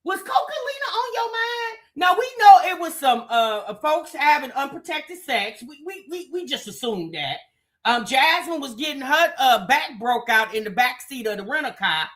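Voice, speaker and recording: Lively high-voiced woman hosting gossip talk. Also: moderate pace. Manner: animated, talks straight to the chat with "baby" and "child". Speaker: commentary show host. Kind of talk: gossip commentary livestream.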